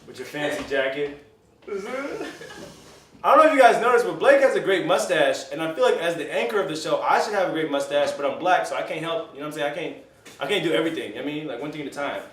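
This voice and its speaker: A man's voice: on the high side, lively intonation, fast talker, a bit bright. A man hosting a comedic mock-news show as anchor and bartender, rambling and swearing loosely while making drinks. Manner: rambling, profane, loose and joking. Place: bar. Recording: roomy, distant mic, faint noise.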